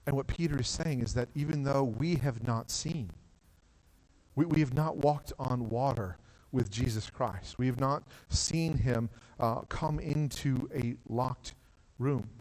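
A man's voice: medium pitch, measured pace, darkish tone. Guy pastor preaching on a church stage, chatty, lots of "like", hall reverb trailing. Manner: conversational preaching with frequent "like" and restarts. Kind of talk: sermon.

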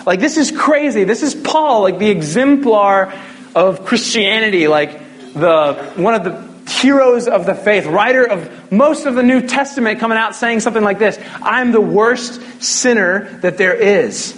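A man's voice: sits high, animated, a little slow, slight background noise. A young man preaching a sermon as a pastor, in a casual, conversational way with jokes.

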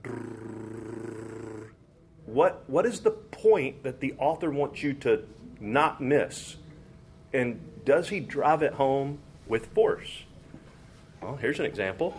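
A man leads a Bible study in a relaxed, conversational tone. He explains patiently and breaks in with quotations from scripture. His voice sits at an ordinary middle pitch, with faint noise behind it. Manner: explanatory, informal, drops into quoting scripture. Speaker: Bible teacher.

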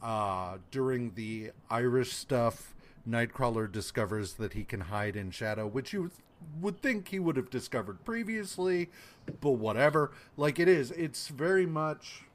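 Man, podcast co-host, casual comics chat, animated, curses freely, mid-pitched voice. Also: a little slow. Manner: animated, swears casually, slips into mock voices.

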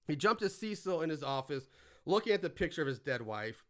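A man's voice: a little high, sing-song, a little fast. A man hosting a podcast, casually recapping a movie in a laid-back, crude and laughing way. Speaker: podcast host.

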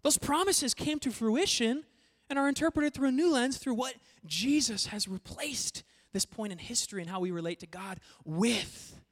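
A pastor preaching a sermon to a congregation, talking animatedly and swinging between quiet passages and loud emphatic bursts. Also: medium pitch, moderate pace. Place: church hall before a congregation. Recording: long echoey hall reverb.

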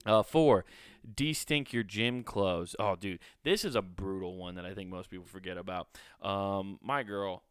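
A man's voice: sits low, measured pace, smooth, dry recording, studio quality. Rambling, foul-mouthed podcast guy. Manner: rambling, profane, lots of fillers. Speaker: podcast host. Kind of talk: casual solo podcast chat.

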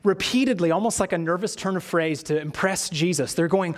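High-voiced man preaching a sermon. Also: brisk, hardly any pauses. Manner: expressive preaching, acting out quoted voices. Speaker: pastor.

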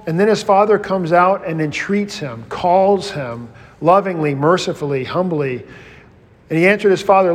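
A man, a pastor, teaching a Bible study in a conversational, animated way, often restarting his sentences. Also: on the high side. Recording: long hall reverb.

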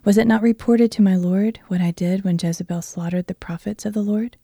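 A woman voicing a frightened male royal servant as she reads a Bible passage in an earnest, steady voice. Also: mid-range voice, fairly quick, breathy edge, dry recording, clean studio sound. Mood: fearful. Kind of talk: Bible reading.

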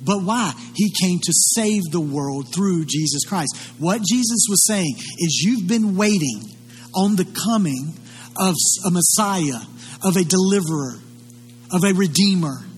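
A man's voice: sits high, expressive, a little slow, faint music behind. A male pastor preaching a sermon in an earnest, conversational way. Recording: long hall reverb, faint hum.

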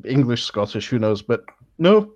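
A man's voice: medium pitch, sing-song, moderate pace, a little mellow, dry recording. Matter-of-fact male podcast host. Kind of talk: casual podcast discussion. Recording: dry lo-fi audio.

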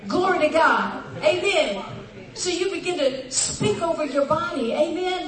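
There's an echoey, far-off quality to this church hall recording of a woman pastor whose very high voice is expressive and a bit bright. Speaking at a normal speed, she preaches in a folksy storytelling style, laughing often as the congregation answers.

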